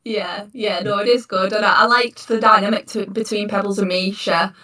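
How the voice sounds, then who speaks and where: A woman's voice: medium pitch, steady tone, moderate pace, pushed and bright, distant mic. A woman with a northern English accent chatting enthusiastically and giggly as a player. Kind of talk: casual chat. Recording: echoey room, off-mic.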